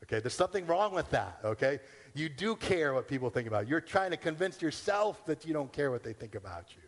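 A man's voice: fairly high pitch, very animated, fairly quick, big-room sound. A man pastor giving a conversational sermon, acting out the questions people ask themselves. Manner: conversational preaching with acted-out inner questions.

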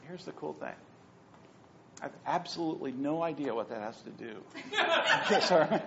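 A man's voice: a little high, normal speed, creaky, pauses often, background noise. A middle-aged man preaching a sermon as pastor, telling stories with asides. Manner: animated storytelling with asides. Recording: dull lo-fi sound.

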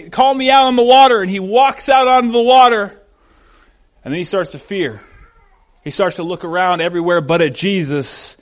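A man preaching a conversational sermon, acting out the voices of the people he quotes. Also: sits high.

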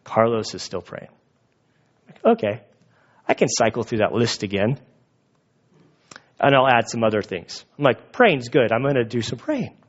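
A man's voice: medium pitch, breathy edge, muffled recording. A male pastor preaching a sermon in a conversational, storytelling way, full of fillers and restarts.

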